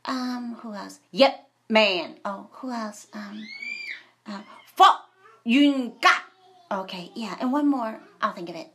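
A woman casually retelling a movie, rambling and animated and adding her own sound effects. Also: on the high side, slow.

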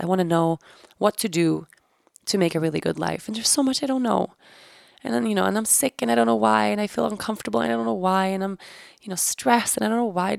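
A podcast host in her thirties recounts a personal experience candidly and searchingly, swearing casually as she reflects. Her mid-range voice is creaky and darkish, recorded dry with clean studio sound.

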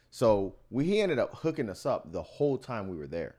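A man with a low voice that swings widely in pitch, chatting casually as a podcast co-host. He tells travel stories with lots of animation and puts on the voices of the people he met. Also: moderate pace, few pauses. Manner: animated storyteller, acts out the people he quotes. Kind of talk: casual chat.

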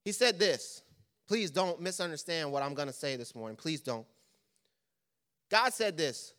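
A man's voice: a little high, animated, a little slow, long pauses, pushed and bright. A man preaching a sermon as pastor, firing off impassioned rhetorical questions one after another.

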